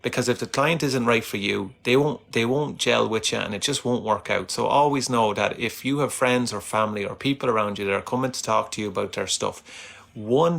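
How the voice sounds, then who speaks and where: A man speaking as a guest in a casual conversation, reflective and measured, sometimes repeating words. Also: fairly low pitch, gravelly, fairly bright tone.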